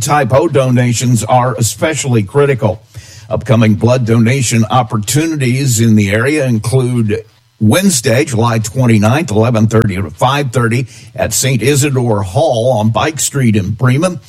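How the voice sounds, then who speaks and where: A man's voice: mid-range voice, normal speed. Man reading local radio news. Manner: steady newsreader delivery. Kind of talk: read news bulletin.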